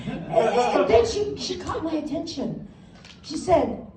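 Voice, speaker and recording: Onstage at a comedy club before a live audience, a stand-up comedian from Wisconsin in her seventies pokes fun at herself with punchy timing and plenty of laughs. She speaks unhurriedly in a high-pitched, lively voice. Captured from a distance, the roomy recording picks up the crowd and other background noise.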